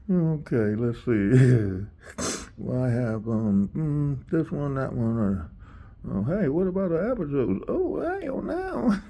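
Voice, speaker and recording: Gravelly, laughing man rambling slowly. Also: mid-range voice, sing-song, mellow. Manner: rambling, laughing often, drops to a whisper at times. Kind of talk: casual rambling chat.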